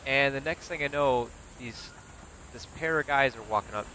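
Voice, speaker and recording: A man with a bright, forceful voice spins stories in casual chat and jumps into the voices of the people he quotes. A faint hum of background noise sits under his voice. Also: medium pitch, moderate pace. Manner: animated, acts out quotes. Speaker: gaming streamer.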